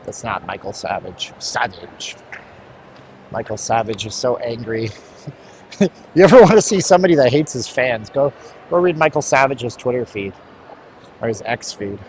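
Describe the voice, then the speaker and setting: A man's voice: mid-range voice, big pitch swings, normal speed, long pauses. A man live-streaming while walking outdoors on a hot city street, bluntly rambling to his chat. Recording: street traffic noise.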